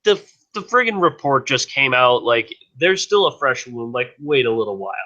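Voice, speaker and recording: A man's voice: medium pitch, big pitch swings, moderate pace, sharp tone, muffled recording. A man co-hosting a casual podcast, rambling with many restarts and fillers. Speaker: podcast co-host.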